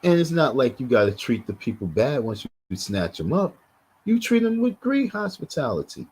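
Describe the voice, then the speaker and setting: Man, husky voice, blunt and heated livestream commentator, repeats his points. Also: medium pitch, big pitch swings, moderate pace, a little mellow, low-quality recording. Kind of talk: casual live commentary.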